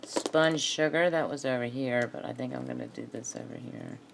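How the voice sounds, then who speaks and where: A woman's voice: very deep voice, normal speed, gravelly, background noise. A woman chatting casually to herself while she crafts, muttering and laughing often. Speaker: craft video maker.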